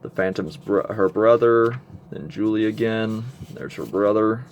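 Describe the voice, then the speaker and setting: A man's voice: lowish voice, a little slow, a little hiss or hum. A man casually reviewing a comic book, rambling with many fillers and restarts as he reads through it aloud.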